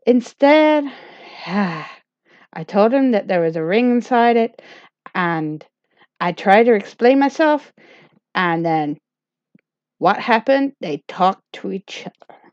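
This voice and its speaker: Playful woman telling a comic tale, unhurried and rambling; dry, lo-fi sound. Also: medium pitch, lively intonation, darkish tone, no echo. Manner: rambling, self-deprecating, playful. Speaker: storyteller. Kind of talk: comic first-person storytelling. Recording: dull lo-fi dry recording.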